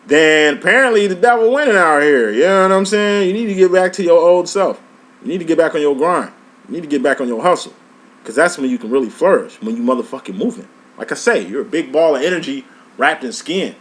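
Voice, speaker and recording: A man giving a casual tarot reading, profane and emphatic, full of streetwise slang. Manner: animated, pitch jumps up and down. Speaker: tarot reader.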